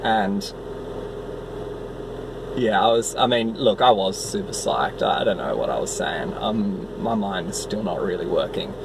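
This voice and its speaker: A man talking casually to the camera in a self-filmed vlog, excitable and rambling, outdoors on a trail. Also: on the low side, unhurried, gravelly, noisy background. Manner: excitable, rambling, swears mildly. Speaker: vlogger, trail runner.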